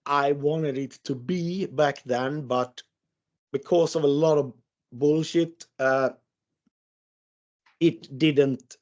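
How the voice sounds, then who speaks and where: A man's voice: medium pitch, darkish tone. A man in his forties telling a long story in a casual interview, profane and rambling, often stammering and restarting. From Sweden. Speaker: interviewed musician. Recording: muffled lo-fi recording.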